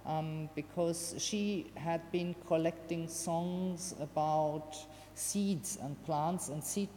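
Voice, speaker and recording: A woman giving a casual, halting presentation of a radio art project, with many fillers. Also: deep voice, warm tone. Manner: hesitant, many fillers and restarts. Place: venue hall. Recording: long hall reverb, faint background noise.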